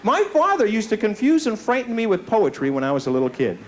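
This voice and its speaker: A man's voice: sits high, wildly swooping pitch, quick pace. A man doing a stand-up comedy set, telling self-mocking stories and slipping into put-on voices. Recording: faint hiss from an old VHS tape. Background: audience laughter.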